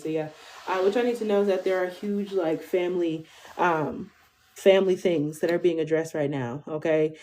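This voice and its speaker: A woman's voice: sits low, mellow. A woman in her twenties giving a casual tarot reading to viewers, chatty, swearing freely and tagging most lines with "okay?". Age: 20s. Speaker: tarot reader.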